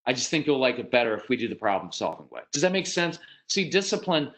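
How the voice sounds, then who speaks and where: Animated man giving a parenting talk. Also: mid-range voice, fast, rough recording. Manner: animated, acts out quoted dialogue; direct, conversational, asks audience questions. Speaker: parenting speaker.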